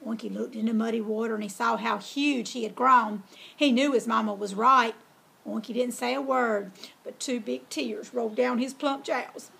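A woman's voice: fairly high pitch, steady tone, normal speed, gravelly, a bit bright, husky. Folksy woman with a storytelling drawl. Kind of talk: storybook read-aloud.

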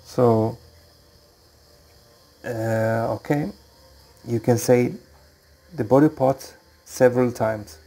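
A man teaching English to young children, explaining slowly and patiently. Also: mid-range voice, fairly even intonation, warm tone. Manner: slow, clear, patient explaining. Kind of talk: slow classroom instruction for children.

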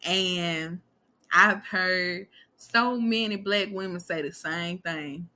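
Blunt, bright-voiced young woman podcaster. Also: medium pitch. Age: 20s. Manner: blunt, profane and emphatic, talks straight to listeners. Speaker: podcast host. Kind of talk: casual podcast monologue.

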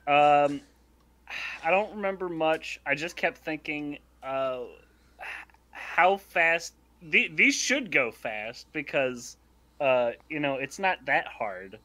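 A man's voice: a little high, expressive, slow, pushed and bright. A man co-hosting a casual podcast, talking hesitantly with many fillers. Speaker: podcast co-host. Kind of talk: casual chat.

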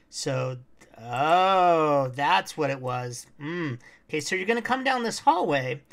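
A woman streaming a game walkthrough, chatting casually to her viewers and her in-game pet, sometimes humming or singing snatches. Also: deep voice. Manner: chatty, talks to her pet and chat, hums and sings snatches.

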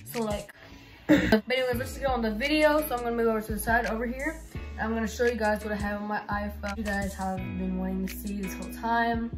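A woman's voice: a little high, fairly even intonation, a little fast. A woman chatting casually to her viewers in a rambling way, full of fillers, recorded on a phone. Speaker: YouTuber. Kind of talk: casual vlog chat. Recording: roomy with background music.

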